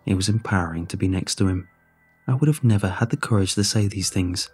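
Low, husky male horror narrator. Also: brisk, a little mellow, soft background music. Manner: tense first-person storytelling. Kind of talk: scripted horror story narration.

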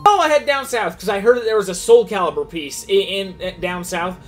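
A man's voice: high voice, fairly quick, soft background music. A man hosting a gaming channel, giving an unscripted, goofy recap of a game's story mode with frequent restarts.

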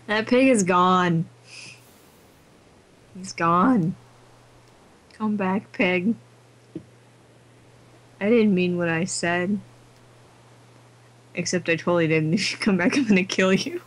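A woman's voice: fairly low pitch, a little slow, pauses often, rough recording. An exhausted woman gamer chatting to herself during late-night gameplay, giggling as she goes. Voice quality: giggly, talks to herself and the game. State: exhausted, sleepy.

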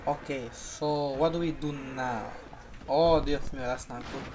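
Goofy gamer yapping over gameplay, mid pitch, bit of faint hiss behind. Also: measured pace. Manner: playful, excitable, teasing a friend. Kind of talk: casual gameplay commentary.

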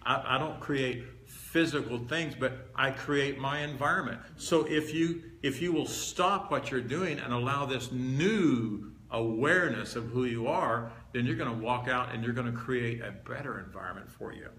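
A man's voice: medium pitch, moderate pace, hardly any pauses, fairly bright tone. Guy preaching to a room, punchy and talky, keeps repeating stuff, bit of hiss, echoey. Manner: conversational, emphatic, repeats key words. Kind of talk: teaching sermon. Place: meeting hall with a live audience. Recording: roomy hall echo, faint background hiss.

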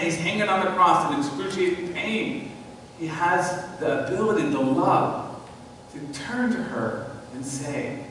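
A male pastor preaching a sermon in a church, telling a story and swinging between hushed and loud. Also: on the high side. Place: large church sanctuary. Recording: distant mic, long church reverb, faint noise.

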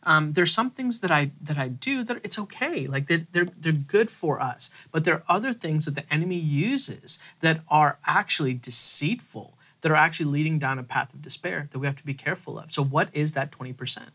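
A man on a faith podcast, retelling a Bible passage in an animated storytelling way and acting out the quoted lines. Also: on the high side, brisk, hardly any pauses. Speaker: theologian co-host.

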